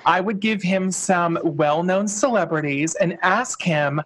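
A man hosting a casual chat, playful and self-deprecating as he runs a quick game. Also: sits high, a bit bright, a little hiss or hum. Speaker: host.

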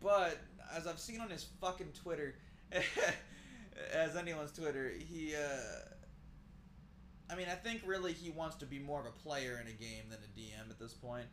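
A man's voice: fairly high pitch, normal speed, fairly bright tone, slight background noise. A man co-hosting a podcast in a loose, rambling casual chat, swearing freely. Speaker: podcast co-host.

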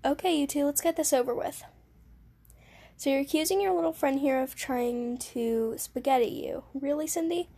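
Woman reading a fed-up male principal, curt, gravelly, mellow tone. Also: sits high, normal speed. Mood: exasperated. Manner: exasperated, curt. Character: weary irritable male school principal.

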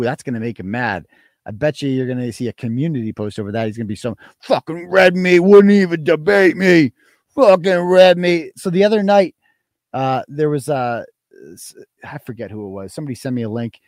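A man's voice: medium pitch, lively intonation, normal speed, darkish tone, no echo. A man hosting a live stream, reading donations and ranting in a profane, mocking, combative way. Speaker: live show host.

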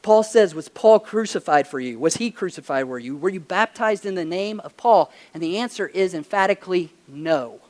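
A man's voice: high voice, expressive, normal speed, hardly any pauses, darkish tone. Emphatic man preaching a sermon. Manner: conversational storytelling preacher, emphatic questions. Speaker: pastor.

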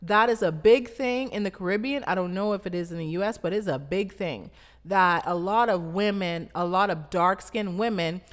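A woman's voice: lowish voice, normal speed, in a large hall. A woman with a Bahamian accent, a brand founder giving a motivational talk in an emphatic, repetitive, preaching cadence.

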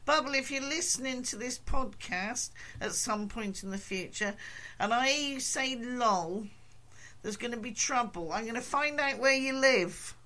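An older woman, hosting a podcast as casual chat, telling stories with a dry, deadpan humour. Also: on the high side, normal speed. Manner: dry, deadpan storytelling with comic asides. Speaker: podcast host.

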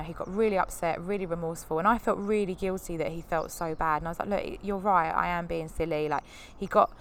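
A woman in her thirties hosts a podcast, speaking candidly and at length in a rambling, heartfelt way. Her voice sits a little low, and it livens up whenever she acts out what someone said. A faint hiss of room ambience sits under her voice. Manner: candid, rambling, animated when quoting others. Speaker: podcast host. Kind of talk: personal storytelling.

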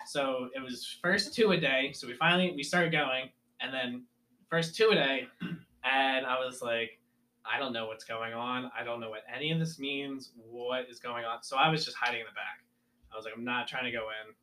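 A man's voice: medium pitch, moderate pace. A young man casually telling a story from his school sports days and acting out his coaches' lines. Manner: animated storyteller, acts out coaches yelling.

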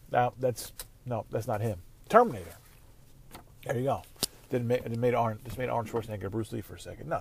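A man's voice: mid-range voice, a little mellow, no room sound. A man hosting a casual solo sports podcast, rambling and swearing freely. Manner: rambling, profane, conversational. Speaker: podcast host.

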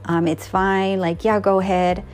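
A woman's voice: mid-range voice, little pitch movement, a little slow, darkish tone, faint music behind. A woman casually retelling a personal story, acting out the dialogue and laughing now and then.

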